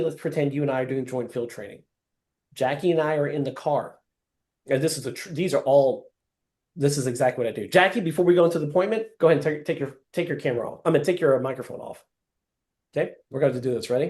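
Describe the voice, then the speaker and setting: A man leading a live sales training session over a video call, acting out scenes and calling on trainees by name. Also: medium pitch. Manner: animated, acts out scenes, addresses trainees by name.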